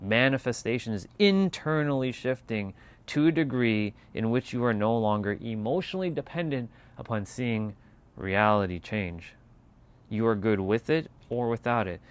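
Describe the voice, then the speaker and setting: A man's voice: mid-range voice, lively intonation, normal speed, clean tone. A man hosting a casual motivational livestream, talking emphatically with lots of repetition and casual swearing. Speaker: channel host.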